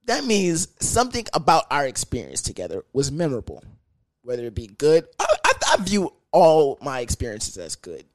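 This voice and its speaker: A young man hosting a podcast, talking in a crude, animated, comedic monologue that keeps jumping into high sing-song bits. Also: dry recording. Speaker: podcast host.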